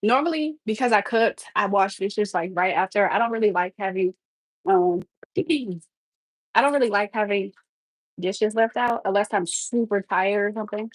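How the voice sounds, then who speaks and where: A woman chatting casually on a livestream from her kitchen, calling her viewers "y'all" and laughing between thoughts. Her voice sits at an ordinary middle pitch and is recorded close and dry, with no room echo. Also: moderate pace. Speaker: livestream host. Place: home kitchen.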